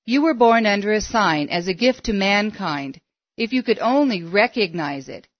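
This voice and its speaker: A woman's voice: mid-range voice, animated, moderate pace, no room sound, close to an everyday voice. A woman reading the lines of a persistent middle-aged female astrologer who presses with insistent, coaxing questions. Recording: dull, dry lo-fi recording.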